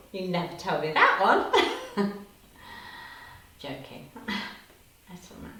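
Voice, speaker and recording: A woman's voice: low voice, a bit bright. A woman in her fifties chatting casually on a livestream, reading out and answering viewer comments, laughing often. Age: 50s. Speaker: livestream host. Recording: echoey room, distant from mic, faint hiss.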